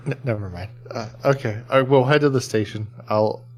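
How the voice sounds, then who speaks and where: A man's voice: mid-range voice, moderate pace. A man playing his character in a tabletop game, jokey and often laughing. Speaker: player.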